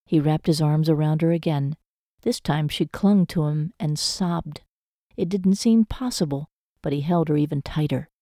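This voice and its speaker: A woman narrating a romance novel audiobook in a measured, emotive storytelling manner. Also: low voice, dark tone, no room sound, clean studio sound.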